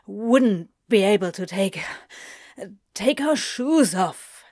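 A woman's voice: mid-range voice, lively intonation, slow pace, darkish tone, no room sound, studio quality. A woman doing Crowley, a breathless stammering demon. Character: breathless, flustered male demon, raw and urgent.

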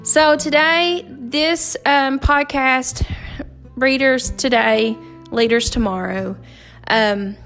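Middle-aged woman, teacher-host, earnest and halting, slightly high voice, soft music behind. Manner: earnest, halting, with many fillers and restarts. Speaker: podcast host and fourth grade teacher. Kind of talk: heartfelt personal storytelling.

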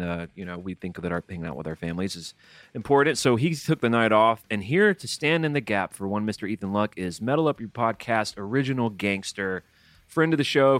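A man hosting a podcast in loose, rambling chat, peppered with "uh"s and jokes. His voice sits a bit low, and it is recorded close and dry with no room sound. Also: fairly bright tone, dry recording. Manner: rambling, filler-heavy and jokey. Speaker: podcast host. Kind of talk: casual chat.

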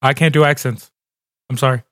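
A man's voice: medium pitch, fairly even intonation, brisk, a bit bright, dry recording, studio quality. A man co-hosting a podcast in casual chat, rambling, self-deprecating and laughing often. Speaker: podcast co-host.

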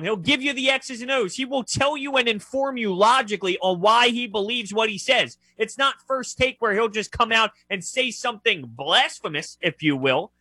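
A man's voice: high voice, breathy edge, dry recording. A man co-hosting a sports radio show, talking casually and arguing his points with energy. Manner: animated, argumentative, quick to jump in.

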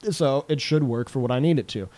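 A man co-hosting a casual chat, loud and animated, swearing and laughing often. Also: medium pitch, brisk, no echo.

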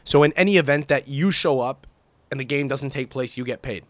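A man's voice: medium pitch, brisk, no room sound. A young man hosting a podcast, telling a long profane story and mimicking the people in it. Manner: animated, profane, mimics people in shouty voices. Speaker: podcast host. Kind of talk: casual chat, ranting storytelling.

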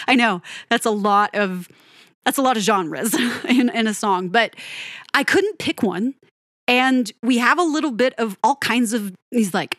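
A woman's voice: mid-range voice, fairly bright tone, dry recording, clean studio sound. Slightly froggy woman chatting enthusiastically. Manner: chatty, enthusiastic, laughs often. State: winded and a little froggy after a run. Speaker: music podcast host. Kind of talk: casual solo music analysis.

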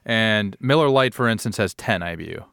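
A man co-hosting a casual beer-tasting podcast, with dry deadpan humor, recorded in a studio. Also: fairly low pitch, moderate pace, vocal fry, clear, resonant tone, dry recording. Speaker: podcast co-host.

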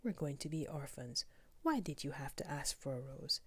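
A woman's voice: low voice, big pitch swings, normal speed, a bit bright, breathy edge, no room sound, full character voice. A woman whispering as spiteful, greedy sisters. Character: spiteful greedy older sisters, young women. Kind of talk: whispered role-play.

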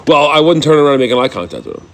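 Quick-talking blunt man in his forties. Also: on the high side, sing-song, gravelly. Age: 40s. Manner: quick, blunt, swears, mocking asides. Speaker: podcast co-host. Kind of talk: casual chat.

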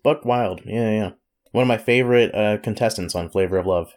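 A man's voice: on the low side, fairly quick. A man co-hosting a casual podcast, joking and laughing and reading an advice letter aloud. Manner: joking, laughs often, lively. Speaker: podcast co-host.

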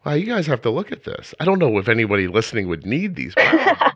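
A man's voice: medium pitch, wildly swooping pitch, fast talker, a bit bright, dry recording. A middle-aged man hosting a podcast interview, chatty and enthusiastic, with rambling asides. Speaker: podcast host. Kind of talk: casual interview chat. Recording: dull lo-fi dry sound.

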